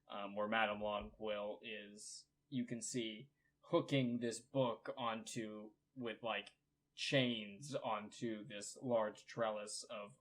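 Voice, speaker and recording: A man's voice: mid-range voice, a bit bright. A man narrating a tabletop game as game master in a laid-back way full of hedges.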